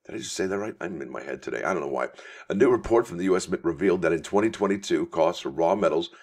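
A man's voice: deep voice, animated, fast, creaky, darkish tone. A male coin channel host giving casual news commentary, reading articles aloud in a chatty, folksy way and calling his viewers folks. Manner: reads articles aloud with asides.

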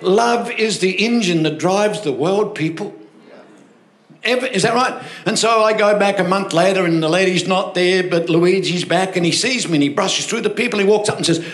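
This older pastor with an Australian accent has a high-sitting voice and speaks at a moderate speed. He tells stories in his sermon with animation, calling on the congregation for amens. Music plays under the echo of the church hall.

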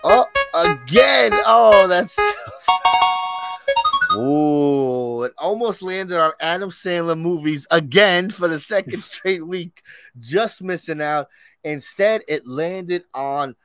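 A man's voice: a little high, slow, pushed and bright, faint music behind. A man co-hosting a casual pop-culture podcast, playful and teasing, laughing often. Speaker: podcast co-host. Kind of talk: casual chat.

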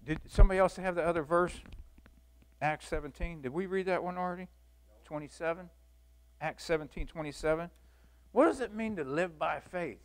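A man's voice: fairly high pitch, fairly quick. Folksy man teaching a Bible lesson. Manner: folksy and animated, acts out Bible scenes, laughs often. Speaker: Sunday school teacher.

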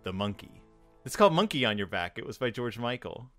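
A man's voice: mid-range voice, sing-song, brisk, fairly bright tone, dry recording, studio quality, faint music behind. A man co-hosting a podcast in casual, jokey chat, laughing as he talks. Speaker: podcast co-host.

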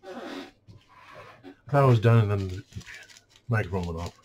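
A man's voice: on the low side, animated, moderate pace, a little mellow, highs cut off, a little hiss or hum. A man who works in a store, ranting casually and sarcastically about customers and mimicking them in mock voices. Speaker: store clerk venting. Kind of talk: casual rant.

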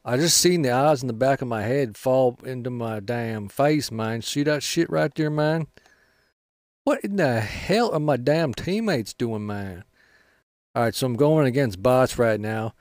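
A man's voice: mid-range voice, expressive, a little slow, a little mellow, no echo, clean studio sound. Rambling, swearing man playing a shooter. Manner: rambling, swears a lot, ends lines with "man". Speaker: gaming channel host. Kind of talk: casual gameplay commentary.

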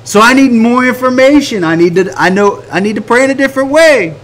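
An American man teaching a Bible study on prayer, animated and emphatic, full of rhetorical questions. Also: very high voice, brisk. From United States.

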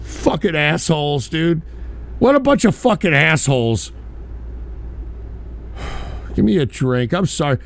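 Man, call-in stream host, high gravelly voice, furious, profane ranting. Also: lively intonation, unhurried, pauses often. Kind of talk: profane live call-in show.

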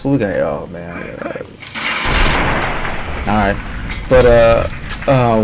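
A man's voice: fairly low pitch, lively intonation, a little slow, creaky, long pauses, slight background noise. A man giving casual, rambling commentary while playing a game. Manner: rambling, loose and chatty. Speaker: gaming streamer.

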